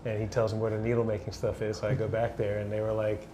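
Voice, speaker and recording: A man's voice: lowish voice, monotone, quick pace, echoey room, background noise. A man hosting a podcast, chatting casually and swearing lightly. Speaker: podcast host. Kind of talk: casual chat.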